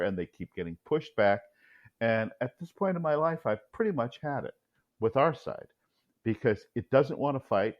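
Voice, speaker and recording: A blunt, combative man talking as an interview guest, his pitch swooping widely up and down. The audio sounds a little dull and lo-fi. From United States. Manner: blunt, combative, acts out quoted exchanges. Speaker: author and cultural commentator, guest.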